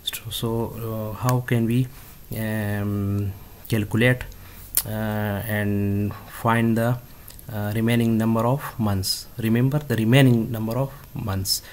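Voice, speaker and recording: A man talks through a coding lesson at a slow, unhurried pace, stopping often on fillers and restarting his phrases. His voice sits fairly low and stays level, with little rise and fall. A faint hiss and keyboard clicks run behind him. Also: steady tone, darkish tone. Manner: halting, many fillers and restarts. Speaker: instructor. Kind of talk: screen-recorded coding tutorial.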